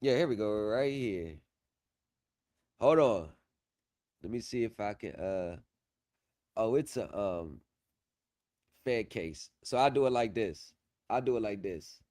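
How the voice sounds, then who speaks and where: A man's voice: on the low side, expressive, slow pace, long pauses, a little mellow. A man hosting a casual livestream, talking confidently and repeating himself, trailing off while he works his screen, into a streaming setup mic. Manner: confident, repetitive, drifts off while working the screen. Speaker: livestream host on pro se legal help.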